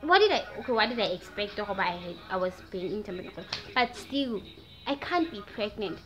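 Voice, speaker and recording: A nineteen-year-old woman from Namibia with a Namibian accent, telling a story in a casual, animated vlog and slipping into Afrikaans slang. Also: medium pitch, fairly quick, a crowd in the background. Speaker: vlogger. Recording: dull lo-fi sound with faint music.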